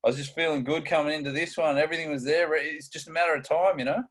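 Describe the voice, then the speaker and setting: A man co-hosting a casual podcast chat, energetic and steering the talk through tips. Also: a little high, fast talker. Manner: energetic, steers topics, chatty asides. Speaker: co-host.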